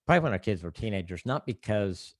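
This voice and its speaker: Deep-voiced older man, earnest and reflective. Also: lively intonation, fast talker, no room sound. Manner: earnest, reflective, rambling with restarts. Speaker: marriage counselor guest. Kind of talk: casual podcast interview.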